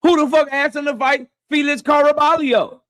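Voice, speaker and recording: A man's voice: extremely high pitch, fairly even intonation, moderate pace, fairly bright tone. A man hosting a live boxing talk stream, ranting at his chat in a heated, profane, mocking way. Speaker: boxing talk show host.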